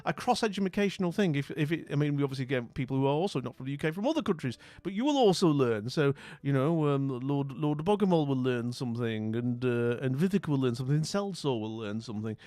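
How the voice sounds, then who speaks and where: A man's voice: medium pitch, lively intonation, fast, hardly any pauses, darkish tone, dry recording. A middle-aged man chatting casually with his stream's viewers, rambling with lots of fillers and restarts. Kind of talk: casual chat with viewers' comments.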